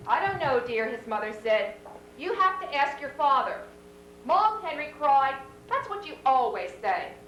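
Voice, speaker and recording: High-voiced woman reading aloud to children. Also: normal speed, dull audio. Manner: expressive read-aloud with voices for characters. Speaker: teacher. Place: classroom. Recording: echoey classroom from far off, faint hum.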